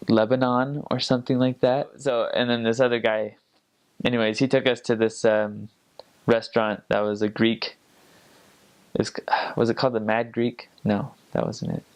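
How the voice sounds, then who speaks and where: A man's voice: medium pitch, flat delivery, measured pace. A young man who served as a missionary tells stories in a casual, rambling way, full of fillers and restarts. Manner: rambling, many fillers and restarts, imitates accents. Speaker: returned missionary. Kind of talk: casual storytelling.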